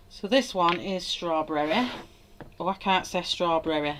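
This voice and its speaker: A woman's voice: lowish voice, normal speed, background noise. A woman, chatting casually at home while she colours on a livestream, greeting viewers by name and laughing often. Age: 30s. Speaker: livestream host.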